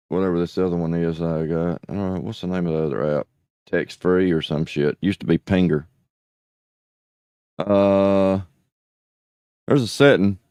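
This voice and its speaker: Deep, slow, laid-back man. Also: mellow, clean tone, dry recording. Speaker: host playing back voicemails. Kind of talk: casual commentary.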